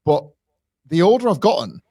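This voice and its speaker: A man's voice: a little high, sing-song, normal speed, mellow, husky, no echo. A man co-hosting a podcast, recapping old events in a wry storytelling manner. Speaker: podcast co-host. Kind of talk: casual podcast chat.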